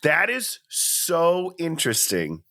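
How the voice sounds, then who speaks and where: A man co-hosting a podcast, talking through a movie in an animated, playful, chatty way. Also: fairly high pitch, slow pace. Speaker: podcast co-host. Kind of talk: casual chat.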